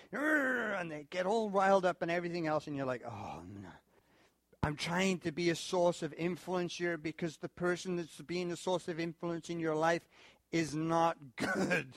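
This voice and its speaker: A male pastor preaching a sermon in an animated way, with asides and laughs. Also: no room sound. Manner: animated, acts out quoted people in high voices. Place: church in Korea.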